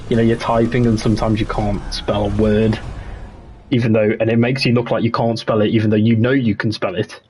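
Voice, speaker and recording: A young man with a husky, slightly low voice talks casually to his livestream chat while playing a game. He rambles loosely from thought to thought and answers viewers in an easygoing, relaxed way. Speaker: streamer.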